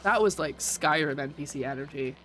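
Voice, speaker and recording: A woman's voice: low voice, a little fast, fairly bright tone, slight background noise. A woman variety streamer chatting casually with her viewers while playing a game, welcoming and laughing often. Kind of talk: casual live-stream chat while gaming.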